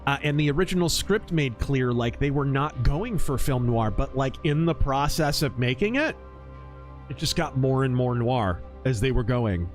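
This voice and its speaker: Lively male streamer, casual chat, faint music behind. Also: mid-range voice, moderate pace. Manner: animated storyteller, acts out quotes. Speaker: game streamer.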